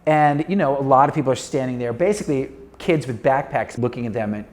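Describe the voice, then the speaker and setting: A middle-aged man telling a story as a talk show guest, animated and acting out the voices of the people in it. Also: medium pitch, quick pace.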